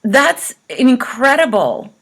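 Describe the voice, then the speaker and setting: A woman's voice: high-pitched, sing-song, slow, husky. A woman hosting an interview show, sympathetic toward her guest and asking probing questions. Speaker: podcast host. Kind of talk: conversational interview.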